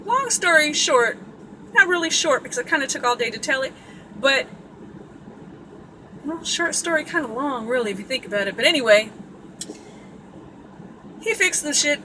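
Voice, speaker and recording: A woman from Sacramento tells a story in a loose, chatty vlog style, blunt and full of cussing. Her voice is bright and sharp and sits a little high. A faint noise runs under it. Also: moderate pace, long pauses, low-quality recording. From Sacramento, California. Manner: blunt, profane and animated. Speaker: vlogger. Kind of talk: casual storytelling.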